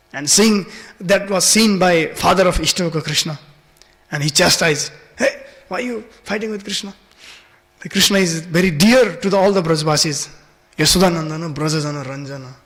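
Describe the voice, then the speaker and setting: High-voiced man telling a devotional story. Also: fairly bright tone. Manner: storytelling, many fillers, acts out voices. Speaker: temple speaker giving a scripture class. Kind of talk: devotional scripture class. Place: large temple hall. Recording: reverberant temple hall.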